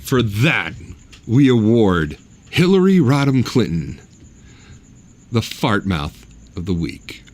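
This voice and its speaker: Sarcastic man with a lively, swinging voice. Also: on the low side, takes it slowly, pauses often, a little hiss or hum. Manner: sarcastic, blunt, mocking. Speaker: podcast host. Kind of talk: opinionated solo podcast monologue.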